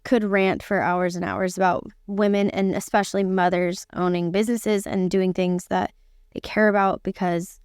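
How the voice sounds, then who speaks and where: An enthusiastic woman hosting a podcast chat, her voice sitting at a middling pitch. She talks in quick, animated bursts. The close mic sounds dry, with no room echo. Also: clean tone. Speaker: podcast host. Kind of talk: casual chat.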